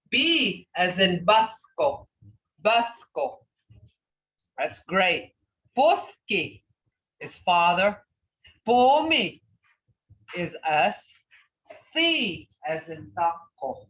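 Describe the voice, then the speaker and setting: A woman teaching a beginner language class, patiently sounding out each word slowly and repeating it. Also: fairly low pitch, sing-song, fairly bright tone, far from the mic. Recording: echoey, dull lo-fi class recording.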